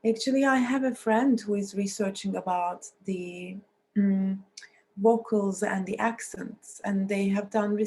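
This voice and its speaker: Woman, lecturer, scratchy voice, mellow dark tone, mid pitch, restarts phrases, phrasing. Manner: explanatory, with frequent restarts and non-native phrasing. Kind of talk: recorded university lecture.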